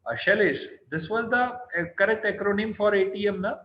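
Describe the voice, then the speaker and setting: A man's voice: sits high, a little fast, a little hiss or hum. Stern Indian man teaching online. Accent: Indian English. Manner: quizzes students by name, keeps asking "right?"; stern, scolds students on tone. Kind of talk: online class lecture. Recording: roomy, dull online call audio.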